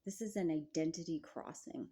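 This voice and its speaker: A middle-aged wellness coach speaks reflectively to the camera, gentle and measured, often posing rhetorical questions. Her voice sits low and has a breathy edge.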